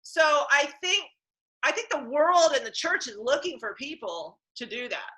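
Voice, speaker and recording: A woman's voice: high voice, moderate pace, poor audio. A woman hosting a casual conversation about faith, telling stories animatedly and acting out the people she quotes. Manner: animated storyteller, acts out quotes. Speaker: podcast host.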